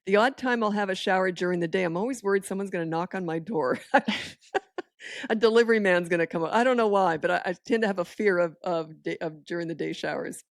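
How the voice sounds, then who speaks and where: A woman's voice: lowish voice, fairly quick, dry recording, clean studio sound. A woman talking as a parenting expert in a casual podcast chat, firm, direct and matter-of-fact.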